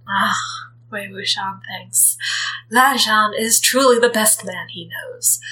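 A woman reading a story aloud as narrator, gentle and expressive. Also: on the high side, low-quality recording. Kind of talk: reading fan fiction aloud.

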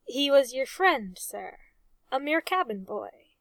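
A woman's voice: high-pitched, big pitch swings, slow pace, gravelly, fairly bright tone, no room sound, exaggerated voice. A woman reading the lines of a polite young male naval officer asking questions. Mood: curious.

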